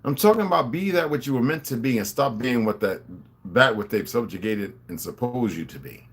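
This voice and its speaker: A man's voice: mid-range voice, lively intonation, fairly quick. A man delivering a profane, confrontational monologue, lecturing his viewers.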